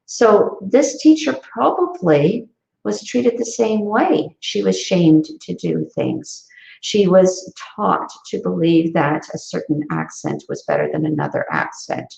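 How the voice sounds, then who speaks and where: A woman's voice: on the low side, sing-song, takes it slowly, vocal fry, darkish tone. A woman who founded an education company, giving earnest parenting advice in a live online Q&A over a video call, with many fillers and restarts. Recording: echoey, dull lo-fi sound.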